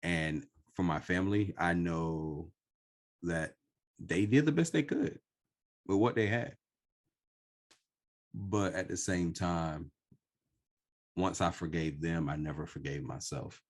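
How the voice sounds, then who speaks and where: A man with a very low, deep voice speaks slowly and earnestly. He is sharing a personal story in a reflective podcast conversation. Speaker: podcast host.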